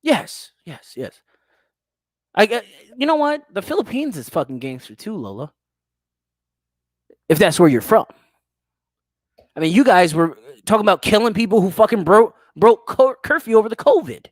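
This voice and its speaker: A man's voice: high-pitched, moderate pace, pauses often, dry recording, clean studio sound. A man hosting a livestream talk show, ranting casually and profanely while answering viewer comments. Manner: profane, animated rant.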